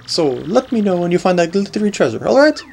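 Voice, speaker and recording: A man's voice: high voice, sing-song, moderate pace, creaky, darkish tone, slight background noise, voice pushed up, full character voice. A man reading out a pompous rich nobleman. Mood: haughty. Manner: haughty, scornful, grandiose. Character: pompous wealthy nobleman, haughty and theatrical. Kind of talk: reading game dialogue aloud.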